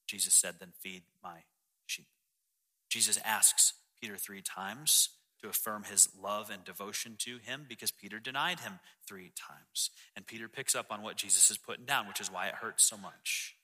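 A man preaching a sermon as the pastor, reading scripture passages in a lower, softer voice. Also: moderate pace. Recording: long hall reverb.

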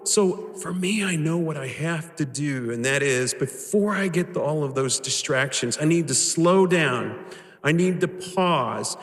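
Reflective man with a slightly higher voice. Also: a bit bright, big-room sound. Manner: earnest, reflective, slows down on key words. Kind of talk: devotional talk on scripture.

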